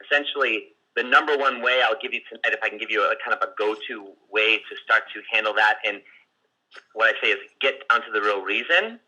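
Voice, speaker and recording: A man teaching sales on a group call, his voice strongly bright and sharp with a husky edge. He talks loosely, restarting sentences and leaning on fillers as he works through his points. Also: fairly low pitch, brisk, poor audio. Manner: conversational, many restarts and fillers; acts out client and seller lines in quotes. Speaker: sales coach.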